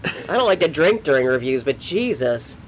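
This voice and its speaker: A co-host of a movie review podcast, giving opinions in casual, expressive chat that exclaims and jokes. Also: medium pitch, moderate pace, crowd noise.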